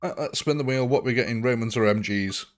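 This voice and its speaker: A man's voice: mid-range voice, a little fast, soft background music. A man live-streaming a game, chatting casually, answering viewers' comments and laughing often. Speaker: gaming livestreamer.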